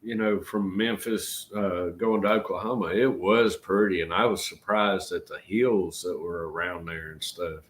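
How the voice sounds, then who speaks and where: A man's voice: sits low, steady tone, moderate pace, few pauses, fairly bright tone. A middle-aged man with a Georgia Southern accent, hosting a casual livestream chat in a folksy, rambling way. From Georgia, USA. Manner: folksy, rambling, says y'all. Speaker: channel host.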